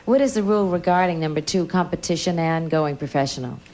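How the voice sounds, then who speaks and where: A woman on a game show panel, questioning in a brisk, businesslike way. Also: low-pitched, darkish tone.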